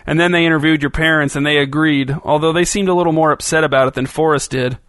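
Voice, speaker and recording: A woman's voice: low-pitched, fairly even intonation, fast talker, dry recording, studio quality, close to an everyday voice. A male narrator voicing an anxious, loyal woman friend who speaks hesitantly and defensively in a storybook reading.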